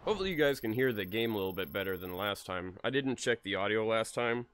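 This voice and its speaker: A man who is sick and low on energy gives live commentary on a racing game, excitable and swearing freely. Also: fast talker, clean tone, dry recording. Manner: excitable, swears freely, cheers during races. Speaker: video game streamer. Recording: noisy, with racing game sounds. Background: car engines and game sounds.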